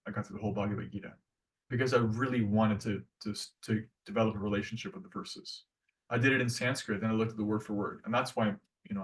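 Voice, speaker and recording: A man's voice: lowish voice, recorded from a distance. A man giving a casual devotional class, talking earnestly and conversationally with many restarts.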